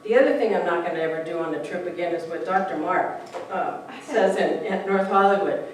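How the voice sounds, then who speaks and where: A middle-aged woman minister giving a conversational sermon, chatty and animated, playfully acting out quoted voices. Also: fairly low pitch, a little fast. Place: church hall. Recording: echoey hall, mic from a distance.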